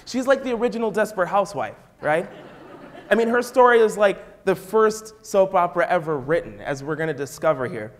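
A man's voice: sits high, animated, brisk. A man with a Midwestern American accent, a youth pastor preaching a sermon and telling the story with acted-out voices.

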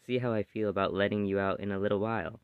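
Picture a sarcastic young elf heroine out of a storybook, spoken by a man in a low, smooth, clear voice. She teases with dry quips. The sound is dry and a little dull. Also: steady tone, quick pace, no echo, natural voice. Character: sarcastic young elf woman, bold and teasing.

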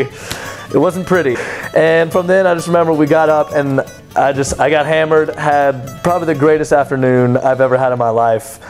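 Young man telling a wild story. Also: a little high. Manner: animated, chatty, many "like" fillers, laughs at his own story. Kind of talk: casual personal storytelling.

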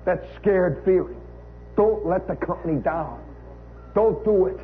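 Heard through a tinny 1960s radio recording with faint hiss, an American man spins a funny story live on air, wry and conversational, with lots of "you know" asides. He speaks a little slowly in a high voice.

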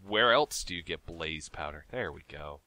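Excitable gamer man, lively bright voice. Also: low-pitched, normal speed, dry recording. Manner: excitable, yelps and swears when attacked. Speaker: Minecraft let's-play host. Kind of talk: casual gaming chat.

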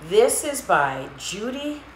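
Slow, sing-song storytelling woman. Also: fairly high pitch, very animated, roomy sound, slight background noise. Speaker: host. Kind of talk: reading a children's picture book on a livestream.

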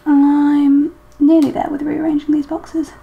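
A woman's voice: high-pitched, monotone, a little slow, lo-fi sound, slight background noise. A woman chatting casually to herself as she decorates a planner, full of ums and little questions. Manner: chatty, self-talking while decorating, many ums. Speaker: planner vlogger. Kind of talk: casual plan-with-me chat.

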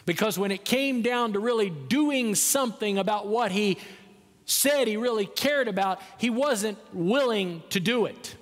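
High-voiced preacher in a reverberant sanctuary. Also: male voice. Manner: storytelling preacher, swings from soft and slow to emphatic. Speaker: pastor. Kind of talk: sermon. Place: large church sanctuary. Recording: church sanctuary with long reverb.

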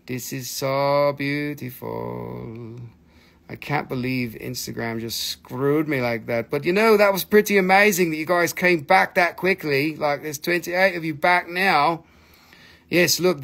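Male live-stream seller, gravelly and profane, pushy and excitable with his buyers. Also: fairly high pitch. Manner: excitable, swears freely, coaxes viewers to buy. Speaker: host selling crystals on a live stream. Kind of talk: live sales stream chat.

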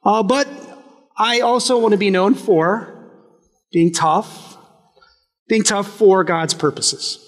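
A man's voice: high-pitched, slow pace, long pauses, big-room sound. A male pastor preaching a conversational, humorous sermon with frequent restarts. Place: church sanctuary.

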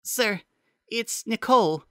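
A man voicing a worried female AI agent in a pitched-up falsetto-like voice, urgent and nervous. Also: lively intonation, slow pace, bright, forceful tone, clear, resonant tone, no room sound, studio quality, heavily acted.

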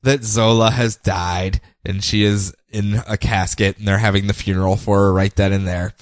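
A man co-hosting a podcast, recapping comics in casual chat, animated and quick to laugh. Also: on the low side, dry recording. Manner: animated, laughs often, slips into playful character voices. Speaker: podcast co-host.

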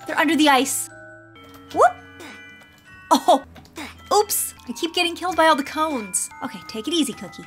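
High, lively woman gushing over gameplay. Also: normal speed, pauses often, faint music behind. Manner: excitable, gushing running commentary. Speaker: gaming video host. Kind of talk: gameplay commentary.

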